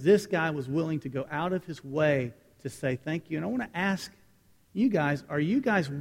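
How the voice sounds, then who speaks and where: A man preaching a sermon as pastor, telling a personal story and moving between loud lines and hushed ones. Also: on the high side, long reverb tail.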